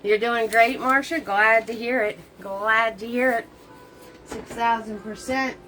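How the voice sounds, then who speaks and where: A woman's voice: a little high, fairly even intonation, a little slow, sharp tone, soft background music, low-quality recording. Bubbly woman teaching a live painting class. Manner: bubbly, greets viewers by name with pet names, laughs often; playful made-up words. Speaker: painting instructor hosting a live paint party. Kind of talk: live-stream painting lesson.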